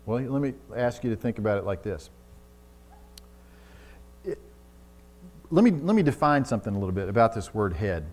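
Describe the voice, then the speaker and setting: A man's voice: lowish voice, very animated, normal speed, pauses often. Man preaching an impassioned sermon. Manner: storytelling with acted-out quotes, rising to loud emphatic preaching.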